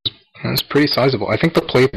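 A man's voice: mid-range voice, lively intonation, quick pace, vocal fry, breathy edge, poor audio. A man with a Canadian accent, co-hosting a casual podcast in a blunt, jokey way and swearing freely. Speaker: podcast co-host.

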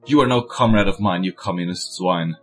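A man's voice: deep voice, a little fast, fairly bright tone, faint music behind. A man reading aloud as a pompous, indignant rich old capitalist, with mock-posh outrage.

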